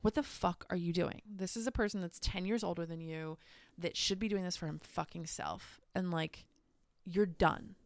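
A woman's voice: on the low side, moderate pace, dry recording, clean studio sound. A young woman telling a personal story in casual chat, candid and full of swearing. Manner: candid, profane, animated storytelling. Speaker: guest.

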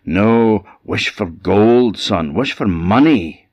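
A man with a Scottish accent voicing a short-tempered old father who scolds loudly. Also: fairly low pitch, expressive, slow pace, dry recording, dull audio. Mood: scolding. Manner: blustering, scolding.

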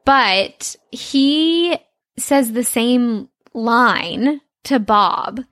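A woman's voice: on the high side, expressive, extremely slow, fairly bright tone, dry recording. Chatty woman podcast host, dry sound. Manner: chatty, laughs easily, playful. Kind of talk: casual chat about a cartoon episode.

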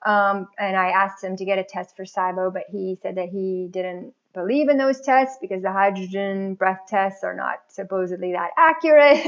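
A woman telling her own story as a podcast guest in a chatty, animated way, often breaking into laughter. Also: mid-range voice, normal speed, highs cut off. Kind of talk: casual personal story.

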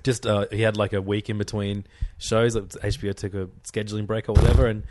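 Aussie guy cohosting a podcast, low voice, rambly animated stories, dead dry sound. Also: fast, dry recording. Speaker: podcast co-host. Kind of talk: casual podcast chat.

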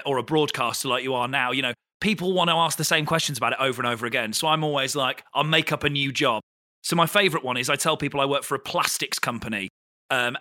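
A man, a comedian hosting, chatting excitably and swearing casually. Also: mid-range voice. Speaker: comedian and podcast host. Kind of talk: casual chat.

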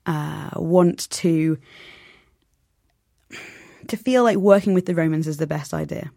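Woman with a gravelly voice. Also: sits low, slow, pauses often, no room sound, clean studio sound. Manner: animated, acts out quoted voices. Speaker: novelist guest. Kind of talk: conversational interview.

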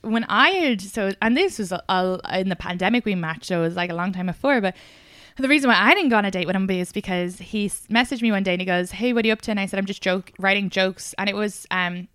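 A young woman hosting a comedy podcast, with a smooth, resonant voice recorded close and dry. She chats casually and tells anecdotes, acting out quoted exchanges with other people. She laughs easily between lines. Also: medium pitch, fast talker, a bit bright, dry recording. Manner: chatty storyteller, acts out quoted exchanges, laughs often. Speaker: podcast host, stand-up comedian. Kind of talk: casual chat.

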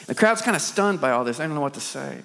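A man preaching a sermon as a dramatic storyteller, firing rhetorical questions and swinging between loud and soft. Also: fairly high pitch, animated, quick pace, creaky. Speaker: pastor. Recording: long hall reverb.

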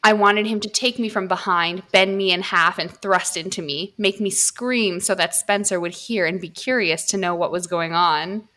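A woman podcast host reading erotic fiction aloud, steady in her reading and joking between passages. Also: mid-range voice, moderate pace, hardly any pauses. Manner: reads steadily, breaks off to joke.

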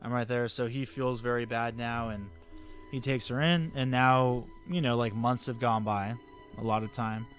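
A man's voice: mid-range voice, level tone, normal speed, soft background music. A man co-hosting a podcast, casually recapping an episode, laughing often, swearing and acting out characters' lines. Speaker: podcast co-host.

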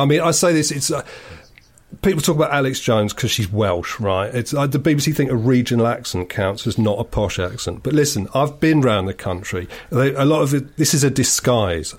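A man chatting casually as a co-host, sardonic and digressive, spinning long mocking stories. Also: medium pitch. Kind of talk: casual chat.

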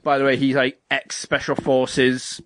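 A man co-hosting a podcast, rambling through an animated retelling in casual chat. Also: mid-range voice, a little slow, slight background noise. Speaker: podcast co-host. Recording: dry close mic.

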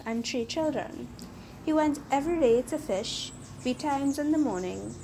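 A woman hosting a podcast, reading a fairytale aloud in a measured, unhurried storybook manner. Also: fairly high pitch, mellow, slight background noise, poor audio.

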